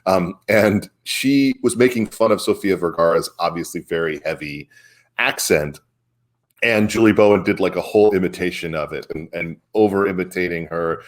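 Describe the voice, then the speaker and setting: Low-voiced man hosting a casual chat. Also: normal speed. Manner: rambling, filler-heavy, asks questions. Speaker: podcast host.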